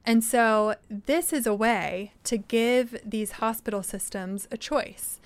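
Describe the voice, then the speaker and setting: A young adult woman, a think tank vice president, explaining policy points clearly and steadily as an interview guest. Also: a little high. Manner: articulate, explanatory, measured.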